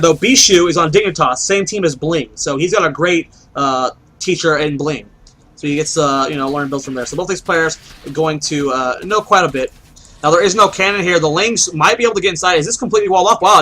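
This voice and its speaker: Bright-voiced man casting a strategy game. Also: fairly high pitch, poor audio. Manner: chatty, explains builds, thinks aloud and asks himself questions. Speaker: esports caster. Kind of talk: solo play-by-play commentary.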